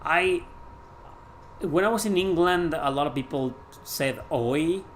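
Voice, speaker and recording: Male game streamer, loose and profane, reacts loudly, slightly high pitch. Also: measured pace, a little hiss or hum. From Mexico. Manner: excitable, swears, shouts at the game. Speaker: gaming streamer. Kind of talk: live gameplay commentary chatting with viewers.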